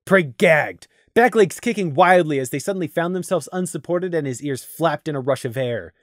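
A male narrator reads a fantasy story with dramatic, animated delivery, his pitch swinging widely. His voice sits a little high for a man. The recording is close and dry, with no room sound. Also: normal speed, no room sound. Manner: expressive, dramatic reading. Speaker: voice actor narrator. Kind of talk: audiobook reading of a fantasy story.

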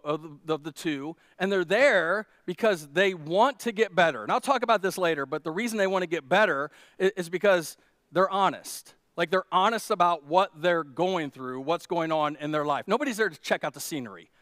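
A man's voice: on the high side, brisk, fairly bright tone, no echo, clean studio sound. A male pastor, preaching a conversational sermon in a storytelling way, with restarts and fillers, building to emphatic peaks. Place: church.

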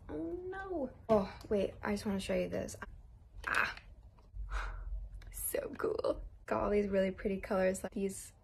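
Her voice sits in the middle range and sounds gravelly and husky as this young model rambles through a makeup tutorial. She's in her twenties and talks nervously, often putting herself down, in a laid-back vlog.

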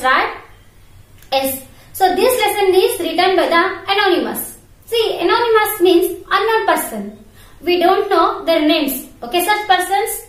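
A woman teaches young children English in an online class, spelling each word letter by letter and then saying it again. Her voice sits very high. The whole recording rings with strong room echo. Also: a bit bright. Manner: spells words letter by letter, repeats pronunciation. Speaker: primary school English teacher. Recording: very echoey room.

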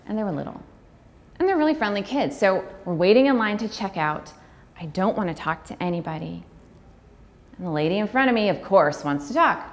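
A woman giving a personal talk, speaking candidly and heartfelt with fillers, sometimes breaking into quick, acted-out dialogue. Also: medium pitch, lively intonation. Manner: acts out dialogue in quick bursts. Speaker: speaker on pregnancy loss.

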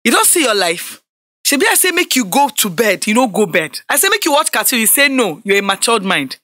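A woman's voice: on the high side, big pitch swings, brisk, bright, forceful tone, no room sound, studio quality, exaggerated voice. A woman with a Nigerian accent playing an exasperated mother in a comedy skit, scolding and teasing. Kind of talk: Pidgin comedy skit acting.

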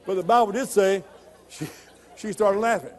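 A middle-aged man preaching a sermon in a church, folksy and conversational, building to loud emphatic points. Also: high voice, normal speed, some chatter behind. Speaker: pastor.

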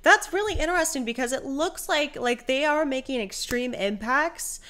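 A young woman hosting a reaction video, thinking aloud in casual commentary with frequent excited exclamations. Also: sits high, moderate pace.

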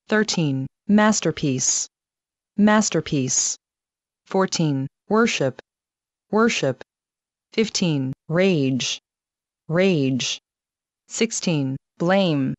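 A woman reading a numbered vocabulary test, saying each word twice with pauses. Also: fairly low pitch, no room sound. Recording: dull lo-fi dry recording.

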